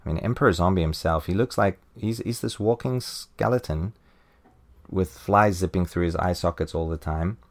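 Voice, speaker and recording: A man hosting a podcast, casually reviewing a comic book, chuckling often and putting on high voices for quoted lines. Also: moderate pace. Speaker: podcast host.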